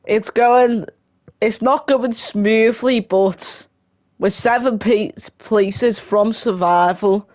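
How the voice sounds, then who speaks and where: Young gaming narrator, casual and chatty, mid-pitched voice, dry close recording. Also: darkish tone, no echo. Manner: chatty, self-correcting, quick laughing asides. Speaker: gaming video creator. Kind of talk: casual voice-over of a football game career mode.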